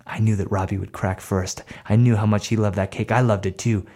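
A man telling a personal story aloud in an animated, conversational way. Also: on the low side, fairly quick.

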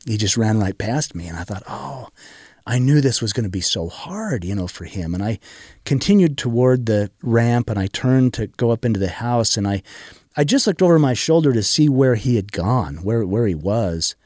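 A man's voice: mid-range voice, animated, a little mellow, dry recording, studio quality. Earnest man telling a personal story. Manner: earnest, emotional, halting with repeated restarts. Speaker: interview guest.

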